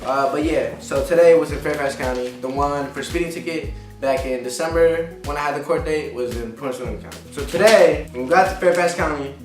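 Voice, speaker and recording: Pitched on the high side, a man talks briskly with hardly any pauses as he vents in a casual vlog rant. He's frustrated, curses a lot, and hammers the same points repeatedly. The audio has room echo, a distant microphone, and faint music underneath.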